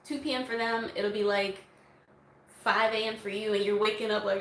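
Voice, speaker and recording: A woman's voice: medium pitch, fairly quick, fairly bright tone, reverberant, rough recording. A woman vlogger answering viewer questions in a casual, chatty way, laughing often. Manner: chatty, laughs often, breaks into song snippets. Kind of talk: casual Q&A chat.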